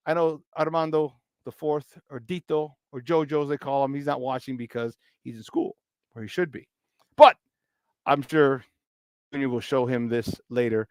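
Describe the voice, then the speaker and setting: A man's voice: medium pitch, fairly even intonation, normal speed, smooth, no echo, studio quality. A man in his fifties hosting a casual sports talk stream, greeting viewers in the chat, joking and laughing often. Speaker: sports talk show host.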